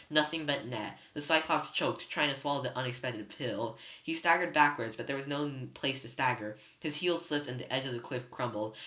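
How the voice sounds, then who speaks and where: A reader narrating a novel chapter aloud in first person, steady but with slips and restarts. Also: medium pitch. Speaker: student reader. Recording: roomy echo.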